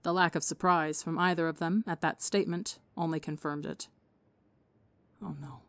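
A woman reading fiction aloud in a steady, measured way. Her voice sits low. The recording is dry and close to the mic. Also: clear, resonant tone, no room sound. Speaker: audiobook podcast reader. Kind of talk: scripted narration of fan fiction.

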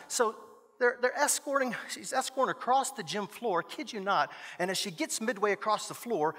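High, bright male preacher, animated storyteller in a reverberant chapel. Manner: animated, joking asides, dramatic quoted voices. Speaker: guest chapel speaker, former youth pastor. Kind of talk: storytelling sermon. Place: university chapel. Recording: echoey hall.

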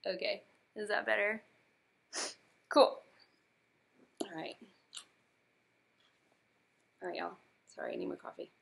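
A woman's voice: medium pitch, steady tone, takes it slowly, vocal fry, long pauses. A woman in her thirties, an author, chatting earnestly with fillers and then reading aloud from her own book. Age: 30s.

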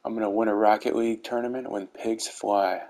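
A middle-aged YouTuber gives casual commentary over gameplay footage while reviewing game rewards, with dry dad-joke humor. His voice is lowish and darkish, brisk, with little pitch movement. The low-quality recording has a little hiss or hum and faint background music.

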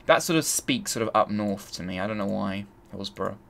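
A man's voice: on the low side, expressive, a little fast, creaky, a bit bright, a little hiss or hum. A man hosting a let's play, thinking aloud and grumbling as he searches. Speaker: gaming channel host.

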